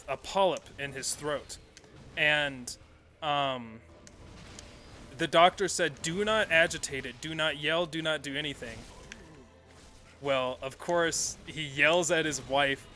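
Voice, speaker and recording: Male streamer with a bright, slightly high voice, rambles, corrects himself mid-sentence, swears a lot. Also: a little hiss or hum. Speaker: game streamer. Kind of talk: casual live-stream commentary while playing.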